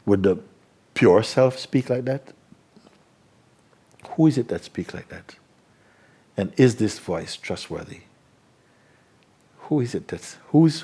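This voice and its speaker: A man giving spiritual teaching to a live audience, unhurried and probing with repeated questions. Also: lowish voice, mellow, breathy edge.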